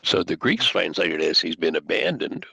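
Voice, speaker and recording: An older man hosting a talk show, teaching in an animated way and acting out the quoted dialogue. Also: low-pitched, normal speed, creaky, slightly rough, no echo, poor audio. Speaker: host.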